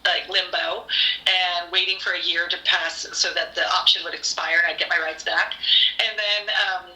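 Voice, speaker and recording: A woman who hosts a podcast and writes screenplays chats casually, gushing as she tells her stories with lots of fillers. Her voice is on the low side at a moderate pace, recorded in low quality in an echoey room.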